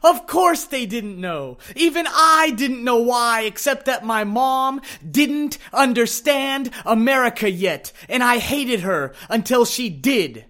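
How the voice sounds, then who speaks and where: A man's voice: very high voice, expressive, takes it slowly, hardly any pauses, bright, forceful tone. A young man performing a wry, confessional spoken word story.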